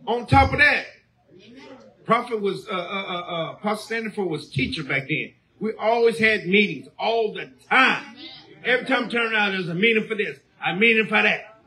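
Man, sermon, high pitch, forceful tone, call-and-response shouting. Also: animated, normal speed. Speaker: preacher.

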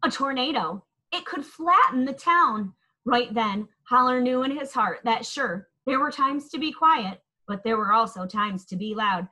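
A woman reading a children's picture book aloud in an expressive, lilting storytelling manner. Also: a little high, a little slow, hardly any pauses, rough recording.

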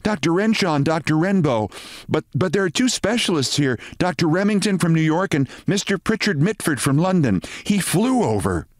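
Eager young female nurse, high and light, dry sound, voiced by a man. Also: very animated, moderate pace, dry recording.

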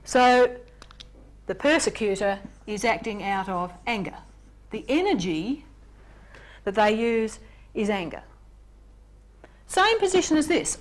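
A woman presenting a relationships workshop in an animated way, acting out examples in character voices. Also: a little high, takes it slowly, long pauses. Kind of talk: lecture on relationships.

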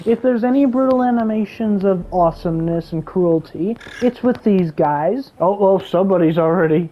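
A woman giving excitable gameplay commentary, gasping and exclaiming as she reacts. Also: medium pitch, normal speed, hardly any pauses, lo-fi sound, a little hiss or hum. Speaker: gaming YouTuber.

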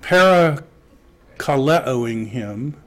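A man teaching a Greek class, slowly reading Greek aloud and then translating it. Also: medium pitch, expressive, fairly bright tone. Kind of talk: classroom lecture.

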